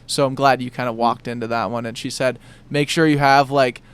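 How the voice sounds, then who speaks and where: A man's voice: medium pitch, fairly even intonation, a little fast, clean tone. A young man hosting a podcast, chatting in an enthusiastic, loose and rambling way. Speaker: podcast host. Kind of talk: casual conversation.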